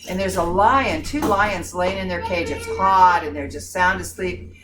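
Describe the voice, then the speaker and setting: An older woman spins family stories in a folksy, animated way and laughs along with them. Her voice sits a little low and sounds set back from the mic. Steady background noise runs under her words. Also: unhurried, recorded from a distance. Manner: folksy, animated storyteller who laughs at her own tales. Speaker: staff member at a pregnancy center. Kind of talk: casual group chat, storytelling.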